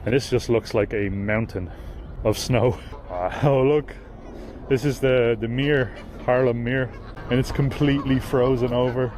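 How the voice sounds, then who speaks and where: A man's voice: mid-range voice, steady tone, measured pace, a little mellow. A man from Dublin with an Irish accent, vlogging cheerfully while walking around a city. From Dublin, Ireland. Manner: upbeat, easily amused. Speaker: traveler. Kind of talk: travel vlog narration on the street. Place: outdoors on a busy city street. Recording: city crowd noise behind.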